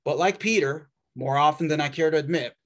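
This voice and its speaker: A man preaches a sermon in a voice pitched a bit higher than usual. His delivery is wry and conversational, relying on dramatic pauses and dry asides.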